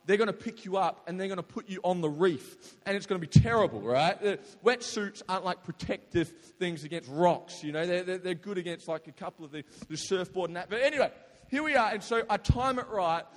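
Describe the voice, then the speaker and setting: High-voiced man telling a story. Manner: animated, slangy, with sudden loud outbursts. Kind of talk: casual storytelling to an audience. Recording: long hall reverb.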